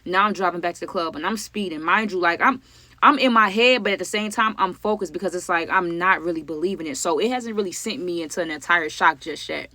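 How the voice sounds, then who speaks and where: A vlogger tells a true story in casual narration, addressing viewers directly as "y'all." The voice is medium-pitched, quick, bright, and forceful, full of "like" and "you know what I'm saying," on a dry recording.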